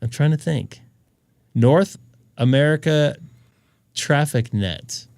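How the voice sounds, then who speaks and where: A man's voice: on the high side, slow, vocal fry, a little mellow, no room sound. A man hosting a ham radio live stream, chatting in a rambling, jokey way and laughing often. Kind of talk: casual chat on a live stream.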